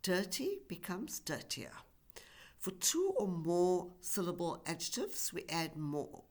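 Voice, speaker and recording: A woman's voice: on the low side, wildly swooping pitch, slow pace. A woman teaching English grammar in a recorded lesson, speaking carefully and stretching out example words. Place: university e-learning course.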